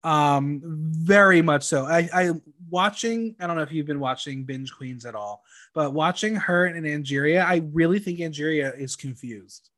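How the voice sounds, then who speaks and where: A chatty young man with a fairly high voice hosts a casual podcast. He recaps episodes in a campy, playful way and drops in plenty of ums along the way. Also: normal speed, fairly bright tone. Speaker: podcast host recapping a reality show. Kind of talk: casual chat.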